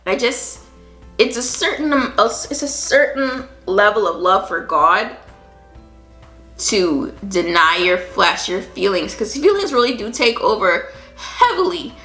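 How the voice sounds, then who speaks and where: A woman's voice: medium pitch, expressive, a little slow, sharp tone. A woman hosting a Christian podcast, reading scripture and reflecting on it in an earnest way with frequent restarts. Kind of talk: Bible reading with personal commentary. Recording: echoey room with faint music.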